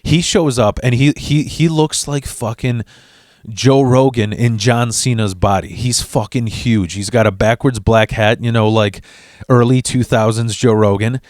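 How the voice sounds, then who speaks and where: A man's voice: medium pitch, unhurried, dry recording, clean studio sound. Profane, stammering man ranting a story. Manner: profane and animated, acting out quotes; restless stammers and restarts. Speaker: vlogger. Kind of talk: storytime rant.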